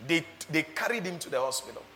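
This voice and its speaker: A man preaching a sermon as pastor, animated, laughing often and asking his listeners rhetorical questions. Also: on the high side, fast talker, big-room sound, slight background noise.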